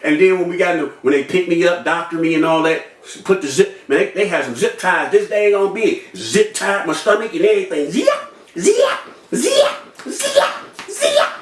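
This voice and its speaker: A young man telling a personal story in an animated way, acting out voices and sound effects with street slang. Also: high voice, fairly quick, hardly any pauses, distant mic, slight background noise. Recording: echoey room, off-mic.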